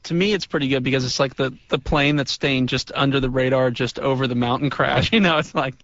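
A man guesting on a radio talk show, chatting in a relaxed way and laughing easily. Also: medium pitch, brisk, lo-fi sound, a little hiss or hum. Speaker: guest, sitcom actor. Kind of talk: casual interview chat.

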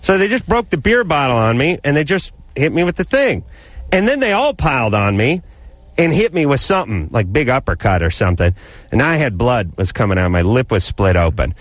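Animated man telling a wild story. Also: medium pitch, fairly quick, no room sound. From Los Angeles area. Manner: animated, rambling, laughs while telling. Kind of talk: casual storytelling on a call-in radio show.

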